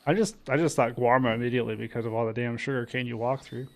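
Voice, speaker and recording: A man roleplaying a frontiersman in a casual, halting way, often trailing off mid-sentence. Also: mid-range voice, steady tone. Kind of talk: in-character roleplay chat.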